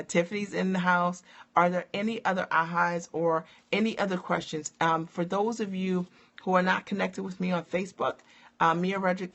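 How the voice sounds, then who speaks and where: A woman's voice: lowish voice, a bit bright. A woman in her forties, a coach, chatting live with viewers in an upbeat, rambling way. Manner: upbeat, chatty, many fillers and asides. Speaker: coach hosting a live stream. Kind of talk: casual live-stream chat with viewers.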